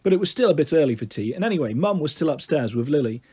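A man narrating a children's book in a gentle, steady reading voice. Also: a little high, quick pace, slightly rough. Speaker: storyteller.

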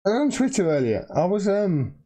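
Angry man ranting, pitch swinging wildly. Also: sing-song, normal speed, mellow. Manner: angry, profane, heated and emphatic. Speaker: political video commentator. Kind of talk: livestream rant.

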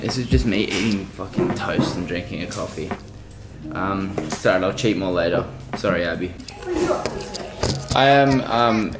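A young man with an Australian accent, vlogging casually, joking, swearing and poking fun at himself. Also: lowish voice. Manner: joking, swearing, self-deprecating. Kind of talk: casual vlog.

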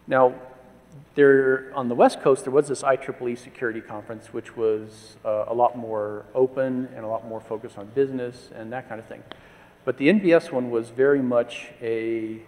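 A man's voice: medium pitch, darkish tone. Wry man telling anecdotes in a hall. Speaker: conference speaker. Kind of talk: conference presentation. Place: conference hall. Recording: long reverb of a large hall.

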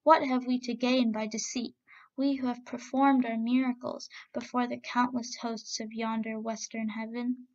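A woman's voice: fairly high pitch, level tone, moderate pace, darkish tone, natural voice. A woman reading the part of an old male juggler, earnest and humble but boastful, given to grumbling. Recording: dull lo-fi recording.

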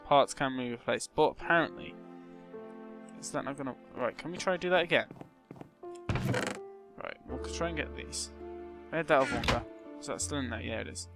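A young man giving casual gameplay commentary, muttering to himself and breaking into loud, excitable shouts. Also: medium pitch, moderate pace, creaky, long pauses, over music. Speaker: gaming channel host.

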